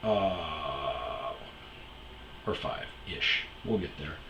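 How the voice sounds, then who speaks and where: A man's voice: rumbling low, animated, drawn-out words, vocal fry, roomy sound, noisy background. A man hosting a comedy podcast, telling rambling, profane anecdotes. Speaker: host, storyteller.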